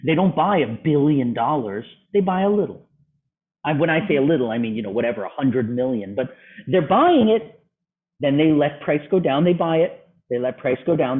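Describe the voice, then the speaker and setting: A man teaching a trading club, walking through charts and asking a student questions over a video call. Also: fairly high pitch. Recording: phone-like video call audio.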